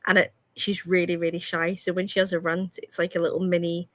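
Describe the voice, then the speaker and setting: A woman's voice: lowish voice, level tone, brisk, fairly bright tone. A woman, chatting casually as a co-host, telling stories about her kids and laughing often. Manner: casual, uses dialect forms like "me" for "my". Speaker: radio show co-host. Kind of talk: casual chat.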